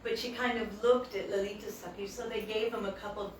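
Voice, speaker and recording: A woman telling a devotional tale in an animated way, acting out the quotes, recorded in a temple hall. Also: mid-range voice, fairly quick, a little hiss or hum. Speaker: devotional storyteller. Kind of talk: devotional storytelling talk. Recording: echoey hall, distant mic.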